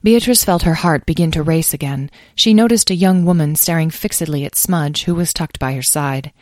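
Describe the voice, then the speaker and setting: A woman reads a storybook aloud in a measured, expressive way. Her voice sits low, and the recording is close and dry with no room sound. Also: no echo. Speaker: narrator. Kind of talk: audiobook narration.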